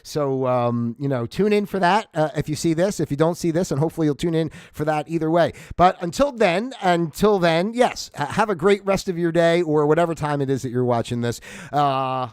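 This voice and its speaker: A man's voice: fairly high pitch, brisk, darkish tone, smooth, no echo, studio quality. A man from New Jersey hosting a casual livestream, ranting in a loose, profane way and laughing at his own jokes. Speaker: livestream host.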